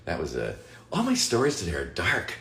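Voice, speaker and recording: Deep, lively-voiced man chatting with fans. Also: a little fast, creaky. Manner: animated, joking, swears casually, reads chat aloud. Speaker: voice actor guest answering fan questions. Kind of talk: casual livestream Q&A. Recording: roomy echo with faint music.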